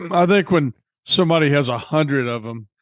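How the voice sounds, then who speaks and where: Measured male podcast co-host. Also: on the high side, lively intonation, fairly bright tone, dry recording. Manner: measured, explanatory. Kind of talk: casual podcast chat.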